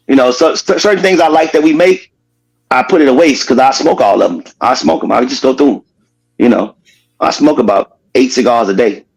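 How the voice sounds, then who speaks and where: A man's voice: medium pitch, poor audio. Brief: playful, laughing man, casual interview guest. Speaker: cigar brand owner.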